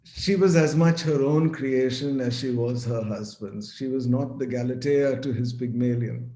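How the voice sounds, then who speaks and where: A man giving an academic lecture over a video call, measured and partly read aloud, with a few restarts. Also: mid-range voice, mellow, reverberant. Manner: measured, reads quotations with some restarts.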